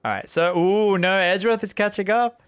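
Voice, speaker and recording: A man's voice: high-pitched, moderate pace, fairly bright tone, smooth. A man streaming a game, chatting loosely with his viewers and using lots of filler words. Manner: chatty, rambling, addresses chat often, fillers like "like". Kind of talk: casual let's-play commentary.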